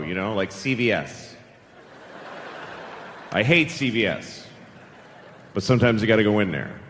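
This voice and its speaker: A middle-aged man from the Boston area doing stand-up comedy in a deadpan, sardonic, conversational way. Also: medium pitch, big-room sound, a little hiss or hum. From Boston area, United States.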